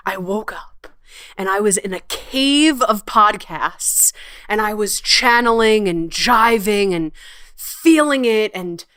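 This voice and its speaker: Expressive, cursing woman podcast host. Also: mid-range voice, no room sound, studio quality. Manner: expressive, swears freely, laughs often; playful slangy phrasing. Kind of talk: casual solo podcast talk. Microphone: computer's built-in mic, not her usual one.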